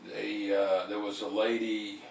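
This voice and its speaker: A man's voice: on the low side, little pitch movement, measured pace, creaky, roomy sound, far from the mic, a little hiss or hum, low-quality recording. A man hosting a call-in talk show, rambling with many fillers and restarts. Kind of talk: casual talk-show monologue.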